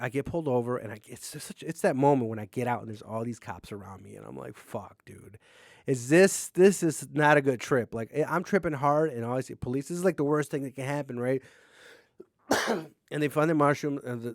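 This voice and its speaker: Casting note: rambling, foul-mouthed male podcast host, middle pitch, dry close sound. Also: no echo. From Mexican-American. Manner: rambling, profane, joking, quick swings in loudness. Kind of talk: casual solo storytelling. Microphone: camera on a desk, seen on video.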